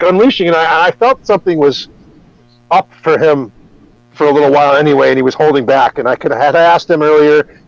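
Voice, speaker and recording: On a dull, lo-fi podcast recording with no echo, a male host with a fairly high voice rambles casually through a personal anecdote. He keeps starting over and swears a lot.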